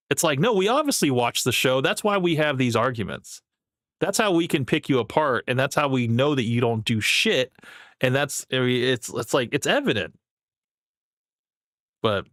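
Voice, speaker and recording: A man's voice: mid-range voice, sing-song, normal speed, a bit bright, no room sound, clean studio sound. A young man casually commenting on a clip he is watching, rambling and laughing often. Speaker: streamer reacting to clips.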